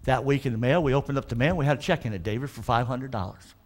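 A male pastor preaching a sermon in a church, emphatic and calling for responses from the congregation, slowing right down to stress scripture. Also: medium pitch.

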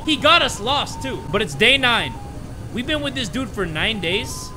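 A young man doing casual horror game commentary, jokey and excitable, sinking to nervous mutters when scared. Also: extremely high pitch, normal speed, music in the background. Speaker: gaming YouTuber.

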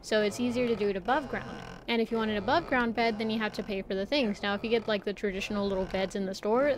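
A woman's voice: mid-range voice, background noise. Chatty rambling woman streamer. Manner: rambling, chatty, many fillers and laughs. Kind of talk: casual chat while gaming.

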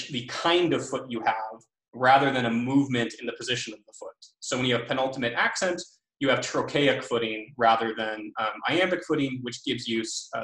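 A male lecturer walks through his slides in a measured, mid-pitched voice, filling pauses with ums and letting phrases fade at their ends. The sound carries a noticeable room echo from a laptop mic. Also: a bit bright. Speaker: linguistics lecturer. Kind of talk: academic talk on slides. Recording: roomy echo.

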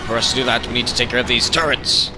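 A young man giving rambling, excitable gameplay commentary, often yelling in frustration. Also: mid-range voice, fast. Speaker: let's play gamer. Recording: commentary over loud game music. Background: game music.

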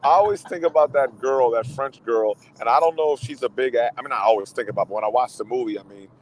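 A man hosting a radio show, chatting casually about movies and getting excitable, often repeating himself and trailing off mid-thought over a remote call. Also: mid-range voice, fast, a little hiss or hum, rough recording. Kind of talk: casual chat.

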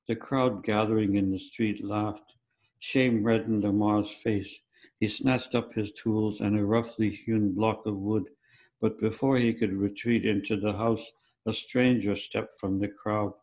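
Man reading his own fiction, wry storyteller, low warm tone. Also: fairly even intonation, measured pace, low-quality recording. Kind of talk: literary reading at a festival.

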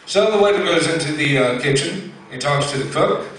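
A man's voice: on the high side, lively intonation, brisk, fairly bright tone. A man telling folksy stand-up jokes to a live audience, drawling with fillers. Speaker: stand-up comedian. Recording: echoey room from far off.

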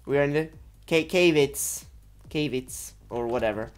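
A woman giving gameplay commentary, giggling often, breaking into loud laughter and swearing freely. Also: extremely low pitch, unhurried, pauses often, faint music behind. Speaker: let's-play gamer.

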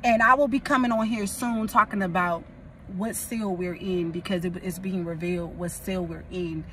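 A woman's voice: on the low side, steady tone, normal speed, fairly bright tone, recorded from a distance, slight background noise. A young woman from California, a prophetess, preaching casually and rambling, repeating phrases for emphasis.

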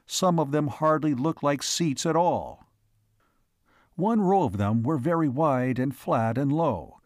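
A man narrating an audiobook of a classic science fiction story in a steady, even manner. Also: on the high side, no echo, clean studio sound.

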